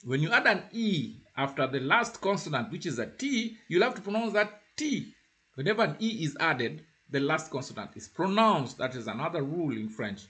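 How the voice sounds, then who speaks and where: A man teaching beginner French, explaining in a halting way with many repeats, and slowing down to model phrases for the listener to repeat. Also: on the high side, big pitch swings, bright, forceful tone. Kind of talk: informal spoken lesson.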